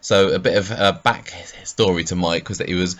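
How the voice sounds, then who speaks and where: Deep-voiced man musing on a podcast. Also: brisk. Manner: relaxed, musing, with frequent ums and laughs. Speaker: podcast co-host. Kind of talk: casual chat.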